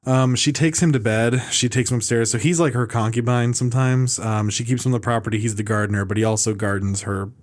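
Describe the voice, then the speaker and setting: A man's voice: mid-range voice, fairly even intonation, quick pace, hardly any pauses. A man hosting a casual film podcast, rambling through reviews with restarts, fillers and mocking asides. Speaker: podcast host.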